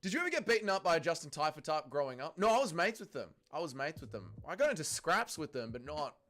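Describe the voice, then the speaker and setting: A man's voice: on the high side, sing-song, fast, fairly bright tone. A young Australian man hosting a casual fight-night watch-along, swearing freely and reading chat aloud. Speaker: livestream host.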